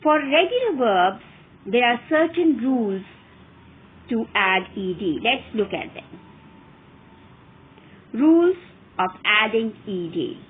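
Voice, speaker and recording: Slow, lively-voiced woman teaching grammar. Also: a little high. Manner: clear, careful enunciation with rising emphasis on examples. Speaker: English teacher. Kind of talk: slow, deliberate grammar lesson. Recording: phone-like narrow audio with faint hiss.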